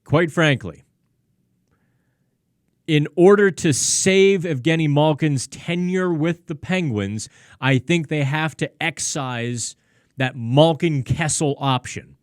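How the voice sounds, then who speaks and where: A man's voice: fairly high pitch, takes it slowly, no echo, clean studio sound. Chatty male sports talk host. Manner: conversational, frequent restarts and asides. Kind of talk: live-streamed hockey talk answering chat questions. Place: studio.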